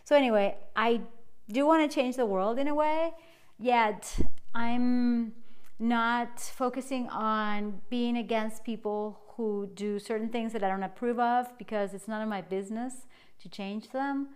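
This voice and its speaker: A woman hosting a solo podcast, talking in a bubbly, energetic way and laughing often. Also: fairly high pitch, measured pace, clean tone. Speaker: podcast host and life coach. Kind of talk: casual solo podcast monologue.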